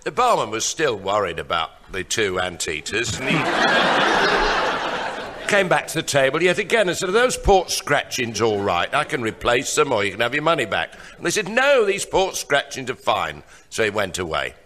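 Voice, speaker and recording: Lively man telling a comic story. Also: medium pitch, normal speed, a little hiss or hum. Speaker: comedy panellist. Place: radio studio before a live audience. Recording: loud audience laughter behind.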